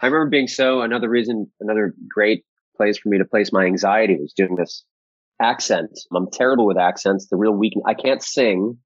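A man from Boston with a Boston accent and a low, husky voice, talking candidly and with self-deprecation as a guest. The sound is dry and muffled, like a dull remote line. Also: fairly quick, no echo. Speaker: actor guest. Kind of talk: casual interview chat.

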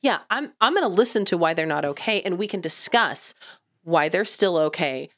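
A woman co-hosting a podcast, talking casually in an expressive, emphatic way. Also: on the low side, normal speed. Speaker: podcast co-host. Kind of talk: casual chat.

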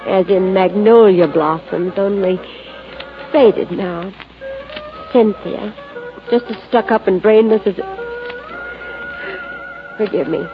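An actress in 1940s radio acting, playing a bitter, self-pitying former wallflower, a wife of forty-two who talks in a rueful, teary, sardonic way. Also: female voice, mid-range voice, slow, long pauses, lightly acted. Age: 40s. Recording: lo-fi old radio recording with music.

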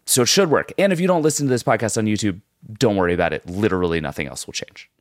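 Deep, husky man with a sore throat. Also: expressive, fast talker, no echo, studio quality. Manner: explanatory, chatty. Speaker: podcast co-host. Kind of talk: casual chat.

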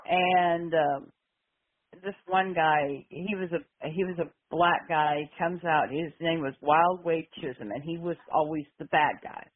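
Older woman, phone-in caller, animated storyteller, laughs often, tinny phone line. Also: sits low, unhurried. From Arkansas.

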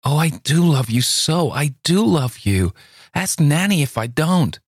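A man with a low voice playing an eager young American woman who pleads her love in a raised, emotional voice. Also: expressive, normal speed, no echo, clean studio sound, close to an everyday voice. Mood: pleading. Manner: breathless, imploring, emotional.

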